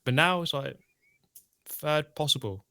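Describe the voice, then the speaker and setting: A man's voice: a little high, animated, unhurried, sharp tone, clean tone. A man co-hosting a live stream, chatting casually over a race and reading viewer tweets. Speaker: stream co-host. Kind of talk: casual live race watch-along chat.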